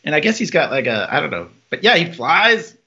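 A man with a bright, gravelly, somewhat high voice chats casually on a podcast, laughing as he recounts scenes. The recording sounds dull and lo-fi. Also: very animated. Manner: laughing, retells scenes with quick put-on quotes. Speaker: podcast co-host. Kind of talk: casual episode recap chat.

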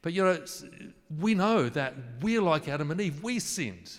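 A man's voice: a little high, animated, moderate pace, in a large hall. A man preaching a sermon in a conversational way, asking his listeners questions. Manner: conversational, asks the congregation questions, jokes about his wording.

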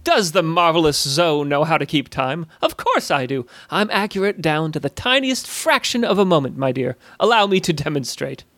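A man's voice: on the high side, big pitch swings, moderate pace, hardly any pauses, a bit bright, no room sound, studio quality. A man voicing a boastful, cheerful male goblin tinkerer who talks about himself in the third person in a storybook tale.

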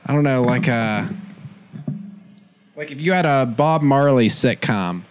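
A man's voice: medium pitch, a little slow, clear, resonant tone. A man in casual podcast chat, rambling and hesitant, with many fillers. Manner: rambling, hesitant, says "like" often.

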